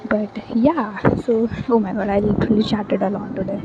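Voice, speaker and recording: A woman's voice: mid-range voice, steady tone, moderate pace, phone-quality sound, noisy background. A woman from India giving a casual, rambling tarot reading, chatty with many fillers. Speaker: tarot reader.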